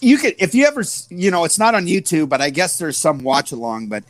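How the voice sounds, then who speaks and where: A man in his forties from the US Midwest, a wrestler telling animated stories in an interview, full of fillers. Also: a little high, fairly quick, no echo. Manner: animated, full of fillers, acts out others' voices. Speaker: wrestler guest. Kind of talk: storytelling interview.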